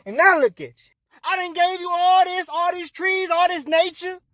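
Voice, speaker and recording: A man voicing a loud, short-tempered male God in a comedic retelling, scolding and hollering in slang. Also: high voice, sing-song, moderate pace, dry recording, clean studio sound. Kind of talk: comedic storytelling.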